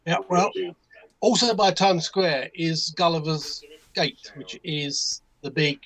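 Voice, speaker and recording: Appearing as a guest modelmaker on a hobby livestream, this older English-accented man from England spins a meandering story full of asides and restarts. He speaks slowly in a slightly bright, higher-leaning voice, and the recording is rough.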